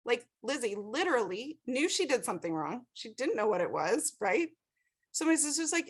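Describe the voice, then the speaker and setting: A woman's voice: fairly high pitch, sing-song, fairly quick. A woman teaching a class over a video call, telling a story with animation and checking in with the group. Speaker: class instructor.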